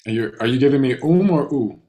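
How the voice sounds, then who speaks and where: Man as patient language teacher, corrects and encourages, mid-pitched voice. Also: expressive, fast, warm tone. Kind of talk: online class instruction.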